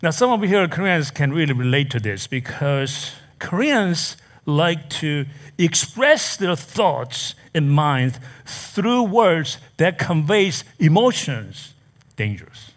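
A pastor preaches to his congregation in a church. His delivery is slow and deliberate, and his voice rises and falls a lot. His pitch sits a little high for a man. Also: very animated. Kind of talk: sermon. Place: church in America.

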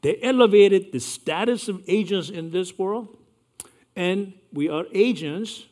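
A man's voice: high voice, a little mellow. Older man telling a story. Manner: earnest, measured recounting with occasional restarts. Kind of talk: personal storytelling.

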